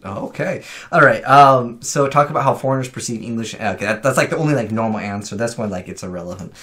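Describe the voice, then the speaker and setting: Fast-talking man narrating a let's play. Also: medium pitch, a bit bright. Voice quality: thinking aloud, casual, muttering asides. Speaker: gaming youtuber.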